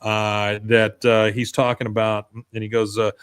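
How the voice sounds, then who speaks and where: A man's voice: fairly low pitch, flat delivery, clear, resonant tone. A man co-hosting a podcast, casually retelling a cartoon episode scene by scene. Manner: retells scenes, putting on quick voices for quoted characters. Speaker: podcast co-host recapping episodes.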